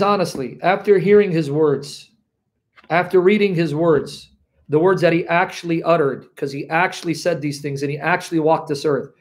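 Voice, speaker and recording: High-voiced, fervent male preacher. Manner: fervent, swinging between loud and hushed; talks straight to viewers with frequent check-ins. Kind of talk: impassioned Bible teaching to a live audience.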